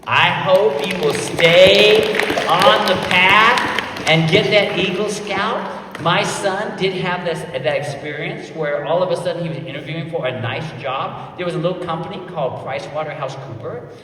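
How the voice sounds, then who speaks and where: A man in his sixties, a police officer, telling stories to a scout group with lively acted voices. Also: sits high, normal speed, background noise. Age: 60s. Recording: echoey hall from far off.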